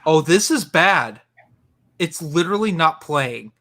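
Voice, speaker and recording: A man hosting a casual online movie watchalong, excitable and quick to laugh, chatting with friends. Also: fairly high pitch. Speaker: watchalong host. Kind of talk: casual group chat over a movie.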